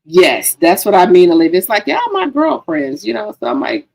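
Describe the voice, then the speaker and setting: Chatty, gravelly woman livestreamer. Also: medium pitch, very animated, moderate pace, darkish tone, poor audio. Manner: chatty, profane, addresses viewers as girlfriends. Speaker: livestream host. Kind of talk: casual gossip livestream.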